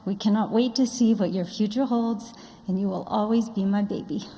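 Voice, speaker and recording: A mother in her forties reads a prepared tribute, affectionate and deliberate in her phrasing. Her voice is mellow and mid-pitched, and the big sanctuary adds a long reverb behind it. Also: fairly even intonation. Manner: affectionate, proud, deliberate reading. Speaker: parent giving a speech. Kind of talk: read tribute speech. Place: large sanctuary. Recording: long reverb of a large hall.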